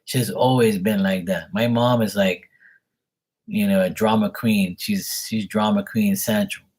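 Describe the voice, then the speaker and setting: A man's voice: on the low side, steady tone, measured pace, darkish tone, breathy edge. A man chatting casually on a live tarot stream, rambling and exasperated, swearing freely. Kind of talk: casual livestream chat.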